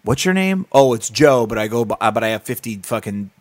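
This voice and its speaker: A man's voice: fairly low pitch, steady tone, fast, darkish tone, no room sound. A man, a comedian, rambling through stories in casual podcast chat, acting out what people said and swearing freely. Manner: rambling storyteller, acts out quotes, swears casually. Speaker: comedian and co-host.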